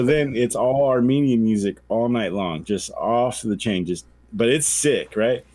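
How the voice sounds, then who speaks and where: A man's voice: on the low side, moderate pace, few pauses, a little mellow, no room sound. A man co-hosting a podcast, telling a long story in casual chat, acting out quoted voices and swearing freely. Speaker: podcast co-host.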